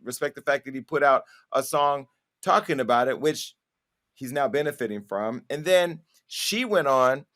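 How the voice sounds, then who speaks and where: Guy hosting, middle voice, calm, sets up the clip. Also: medium pitch, normal speed. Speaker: host. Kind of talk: news commentary introducing a clip.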